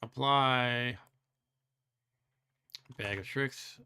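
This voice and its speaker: A man's voice: medium pitch, extremely slow, sharp tone, clear, resonant tone. A man hosting a let's play, thinking aloud as he plays, musing and second-guessing himself with wry complaints and frequent chuckles. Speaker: host.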